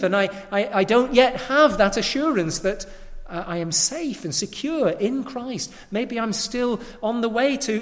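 A man preaching a sermon slowly and deliberately, building to emphatic swells on key phrases. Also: on the high side. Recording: long hall reverb.

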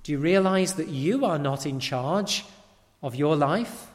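A man preaching a sermon slowly and deliberately, building to emphatic swells on key phrases. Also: on the high side, animated. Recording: long hall reverb.

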